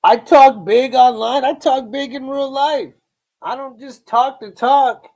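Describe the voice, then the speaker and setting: Slow-talking, blunt man streaming. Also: very high-pitched, steady tone, darkish tone. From Lakewood, Ohio, US. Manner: boastful, blunt, swearing, with slang like "bro" and "dude"; slow, drawn-out talk with frequent repeats and restarts. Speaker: live-stream host. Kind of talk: casual live reaction stream.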